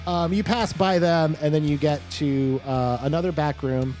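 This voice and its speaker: A man's voice: fairly high pitch, fairly even intonation, moderate pace, darkish tone. A man narrating as game master of a tabletop game, rambling with lots of fillers and laughs.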